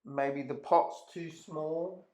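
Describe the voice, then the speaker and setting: A man's voice: a little high, fairly even intonation, very slow, a little mellow. Rambling man telling a story. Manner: chatty, swears freely, trails off and restarts. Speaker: vlogger. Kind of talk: rambling casual anecdote.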